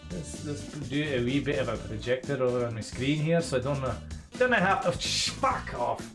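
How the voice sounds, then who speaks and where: A man's voice: mid-range voice, expressive, fairly quick, over music. A man streaming a game, chatting casually and swearing a lot in a put-on Scottish accent. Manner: chatty, profane, jokey. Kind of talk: casual gameplay commentary.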